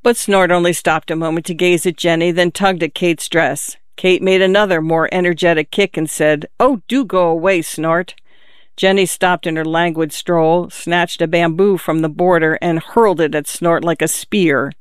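An audiobook narrator reading a literary novel in a measured, even storytelling manner. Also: mid-range voice, smooth, no room sound, studio quality.

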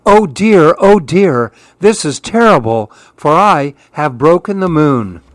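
A man voicing a small, excitable young monkey who squeals in high, urgent cries in a storybook reading. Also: slow pace, dry recording. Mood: panicked.

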